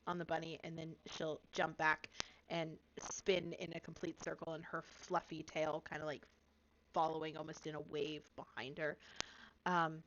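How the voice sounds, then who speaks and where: A woman's voice: low voice, dull audio, background noise. A woman playing a tabletop game, giggly and hesitant as she describes her character's actions. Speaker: player.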